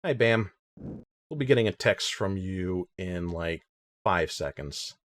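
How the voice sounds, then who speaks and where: A man's voice: deep voice, expressive, a little slow. A man giving casual, joking gameplay commentary as host of a let's play. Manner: joking, rambling. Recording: game sound noise underneath.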